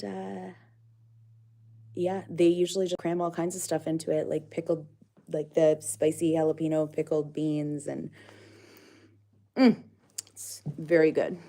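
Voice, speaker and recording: A woman's voice: on the low side, a little mellow. A woman hosting a casual farm livestream, chatting with viewers and coaxing her animals in a sing-song.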